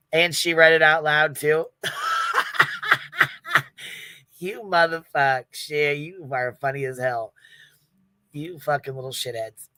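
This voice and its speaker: A brash woman hosts her livestream with a bright, tight tone and an unhurried, drawn-out delivery. She swears freely and laughs often. The sound is close and dry. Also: low-pitched, no room sound. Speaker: livestream host. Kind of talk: casual livestream commentary.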